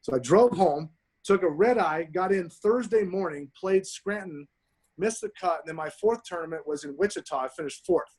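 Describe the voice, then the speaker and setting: A man in his forties, a pro golfer telling profane, animated stories as a podcast guest. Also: high-pitched, normal speed, breathy edge. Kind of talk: casual storytelling.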